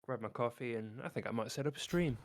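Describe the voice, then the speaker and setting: A man's voice: medium pitch, fast. A man explaining how a piece of game equipment works to a friend, hesitant and full of fillers. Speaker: co-player. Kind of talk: casual gaming chat.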